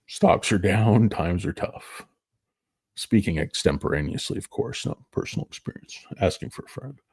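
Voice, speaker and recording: A man streaming stock commentary, telling crude deadpan jokes that break into excited high-pitched laughing bits. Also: normal speed, breathy edge, no room sound, studio quality. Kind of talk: casual joking commentary.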